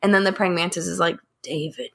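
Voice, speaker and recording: A woman co-hosting a casual podcast, telling a wild story and acting out each quote. Her voice sits a little low yet sounds bright and forceful. She keeps the telling lively and chatty. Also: a little fast. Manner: animated storytelling, acts out quotes with laughs.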